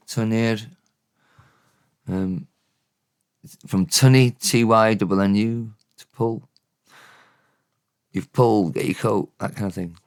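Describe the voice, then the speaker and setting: A man with a Welsh accent giving a casual spoken language lesson, unhurried and thinking aloud, often correcting himself. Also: lowish voice, smooth, no echo, clean studio sound.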